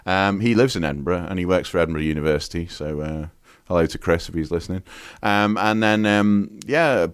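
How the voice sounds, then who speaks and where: A man's voice: low-pitched, a little fast, clear, resonant tone, dry recording, clean studio sound. A man from the UK chatting as a podcast guest, telling rambling stories full of fillers and restarts. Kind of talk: casual chat.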